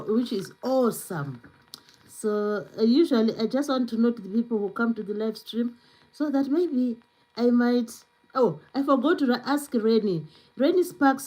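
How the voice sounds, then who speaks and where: A woman's voice: a little high, dark tone, rough recording. A woman hosting a casual live stream, chatting freely with lots of "you know"s and answering viewer comments as she goes. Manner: chatty, filler-heavy with many "you know"s.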